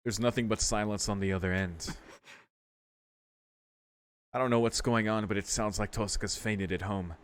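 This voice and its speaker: A man's voice: on the low side, steady tone, normal speed, pauses often, clean tone, no room sound. A man hosting a let's play, reading a visual novel's text aloud and breaking off to react casually, now and then with a swear. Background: faint game music.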